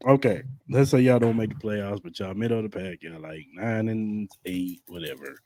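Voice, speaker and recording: A man's voice: lowish voice, moderate pace, few pauses, darkish tone. A man co-hosting a sports podcast, talking in a laid-back, slangy way. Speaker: podcast co-host. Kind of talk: casual sports podcast chat.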